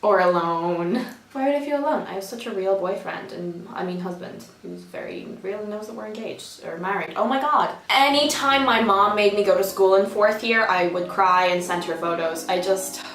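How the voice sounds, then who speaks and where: A woman's voice: medium pitch, moderate pace, a bit bright, reverberant, recorded from a distance, a little hiss or hum. A young woman talking casually to camera as a vlogger, emotional and self-mocking, with frequent swearing. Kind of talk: casual vlog chat.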